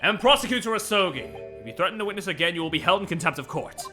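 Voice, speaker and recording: A stern, authoritative courtroom judge, read by a man streaming a game, issuing formal warnings. The voice is middle-pitched and very bright, with soft music underneath. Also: expressive, very fast. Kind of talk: video game voice acting on stream.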